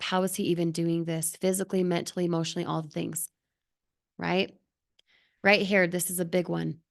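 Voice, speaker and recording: A woman leading a live motivational training for her team, speaking earnestly and emphatically with lots of rhetorical questions. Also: mid-range voice. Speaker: team leader.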